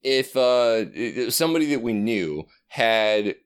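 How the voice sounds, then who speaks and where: A man's voice: mid-range voice, expressive, slow pace, clean tone. Rambling, profane man in his thirties. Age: 30s. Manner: profane, rambling, drops into put-on announcer voice. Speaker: podcast co-host. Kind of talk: casual chat.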